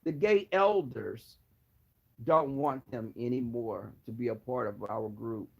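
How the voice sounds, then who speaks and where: A man's voice: mid-range voice, slow pace, vocal fry, husky, muffled recording. A man vlogger roasting someone in a sassy, dramatic way. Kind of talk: sassy commentary.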